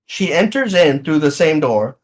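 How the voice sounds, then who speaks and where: Male game master, slightly high, relaxed halting narration.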